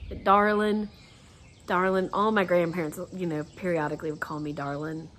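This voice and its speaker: A woman's voice: fairly low pitch, level tone, a little slow, long pauses, fairly bright tone, slight background noise. A middle-aged woman with a Southern American accent from Atlanta, leading a guided laughter session in a chatty, folksy way, laughing often.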